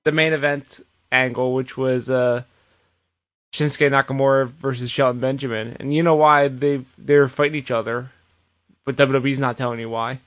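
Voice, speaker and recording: A man co-hosting a podcast, giving an animated casual recap with plenty of swearing. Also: mid-range voice, normal speed. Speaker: podcast co-host. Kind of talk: casual chat.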